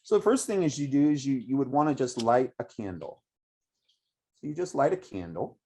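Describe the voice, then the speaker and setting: A middle-aged man guides a meditation lesson outdoors, speaking in an unhurried, reflective way. He pauses often and circles back on his words, with a voice of ordinary pitch for a man. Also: big pitch swings, mellow, husky. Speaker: meditation teacher. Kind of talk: spoken meditation instruction. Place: outdoors by woods.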